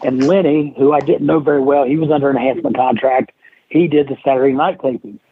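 A man's voice: mid-range voice, fast talker, breathy edge, dry recording. A middle-aged man, a former wrestler, casually telling anecdotes as a podcast guest and acting out what others said. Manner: animated anecdote-telling, acts out others' lines. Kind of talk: casual storytelling interview. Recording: tinny phone-like line, dry.

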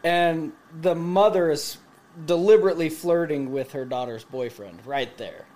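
A man in his late twenties telling a profane story to friends, animated and laughing as he goes. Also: fairly high pitch, moderate pace. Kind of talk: casual storytelling among friends.

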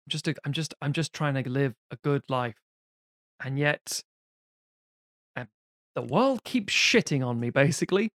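A man's voice: a little high, animated, normal speed, no room sound, clean studio sound. A man co-hosting a podcast, chatting casually and animatedly with many restarts and swearing. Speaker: podcast co-host. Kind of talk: casual film discussion.

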